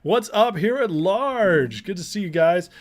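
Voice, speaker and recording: A man hosting a casual livestream, greeting viewers by name and talking through the news with energetic asides. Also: sits high. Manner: energetic, shouting out chat names, rapid asides. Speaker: political commentary livestream host.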